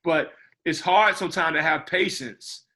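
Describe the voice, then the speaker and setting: A man's voice: a little high, unhurried, bright, forceful tone. A man, a film director, talking casually in an interview, rambling with many repeated words and asides. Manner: rambling, repeats words, says "you know what I mean".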